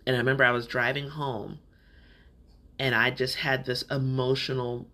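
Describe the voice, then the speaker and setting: A podcast host recounts a personal story in a loose, conversational way, speaking frankly and thoughtfully. His bright, forceful voice sits in a typical middle male pitch, with a level tone and a moderate pace.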